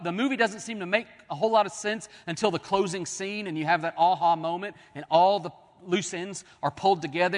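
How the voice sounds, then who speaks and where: A man preaching a sermon as pastor, swinging from soaring declarations to hushed, drawn-out words. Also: high-pitched, in a large hall. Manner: dramatic preaching, swelling and dropping to near-whispers.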